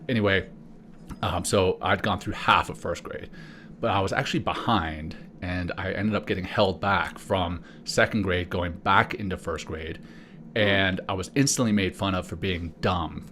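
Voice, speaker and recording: Deep-voiced man telling a story. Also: moderate pace, sharp tone, slight background noise. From South Africa. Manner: storytelling, conversational with restarts. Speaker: podcast co-host. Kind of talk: casual podcast chat.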